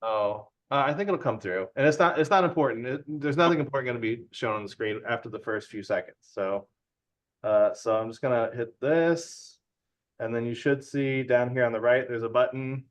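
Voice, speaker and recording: A man presenting a casual tech talk to a user group over a video call. He sounds relaxed and chatty and keeps checking in with his listeners. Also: mid-range voice, normal speed. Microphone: video call from home.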